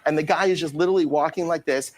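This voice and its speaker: Guy on a talk show telling a wild story, high voice, talks super fast, laughs a lot. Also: fairly even intonation. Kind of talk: animated anecdote telling.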